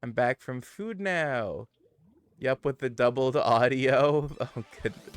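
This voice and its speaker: A talkative man hosts his live game stream, chatting loosely and wandering from thought to thought. His voice sits at an ordinary middle pitch. Soft game music plays quietly underneath. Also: takes it slowly, smooth. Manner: chatty, digressive, muses about pronunciation. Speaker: livestream gamer. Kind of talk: casual chat to stream viewers.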